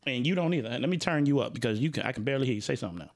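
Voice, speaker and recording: A man's voice: medium pitch, animated, rapid-fire. A man with a Chicago accent hosting a casual talk show, speaking animatedly with frequent repeated words and restarts. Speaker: host.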